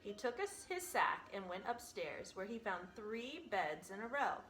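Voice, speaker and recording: A woman teacher reads a storybook aloud with lively rises and falls. Her bright voice is expressive and full of animated storytelling. The room is echoey, with faint music behind. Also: medium pitch, a little slow. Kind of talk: reading a picture book aloud.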